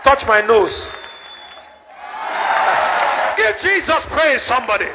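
Shouting high-voiced male preacher. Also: big pitch swings, slow, heavy background noise. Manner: shouting, exhorting the crowd. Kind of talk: healing service preaching. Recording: live church service with music.

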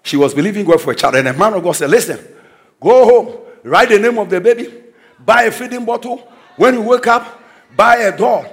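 High, lively preacher man. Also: brisk. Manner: exclaiming declarations, swinging between soft asides and shouts. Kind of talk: energetic sermon with storytelling.

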